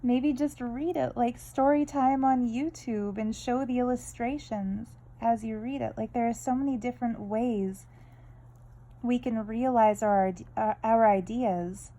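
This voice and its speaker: Chatty woman, mellow voice. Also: a little high, fairly even intonation, measured pace, low-quality recording. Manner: rambling, chatty, candid, full of tangents. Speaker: art vlogger. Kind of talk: casual draw-along chat.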